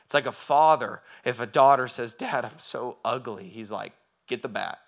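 A male pastor giving a sermon, moving from quiet reflection to loud, impassioned preaching with rhetorical questions asked again and again. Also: medium pitch, fairly quick, creaky. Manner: asks rhetorical questions over and over.

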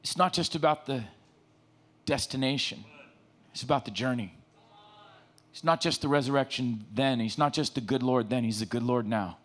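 A middle-aged man preaching a casual sermon, lively and joking, retelling scripture in everyday slang. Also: mid-range voice, moderate pace, long pauses.

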